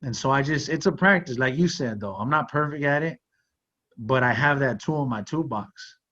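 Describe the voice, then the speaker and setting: A podcast host with a medium-pitched, slightly bright male voice talks at a moderate pace, telling a personal story in an earnest, conversational way. He says "like" and "you know" often. The audio is a little muffled.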